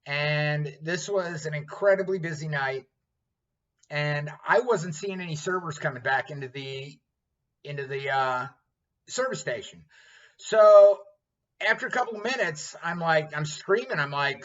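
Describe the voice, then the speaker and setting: A man's voice: fairly high pitch, a little slow, a bit bright. A man in his fifties, a chef, telling a story in casual chat, blunt and profane. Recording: dull lo-fi sound.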